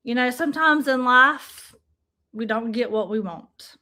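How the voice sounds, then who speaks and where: Slow, high-voiced woman livestreaming. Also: pushed and bright. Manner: chatty, addresses viewers as y'all. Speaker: livestream host. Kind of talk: casual livestream chat.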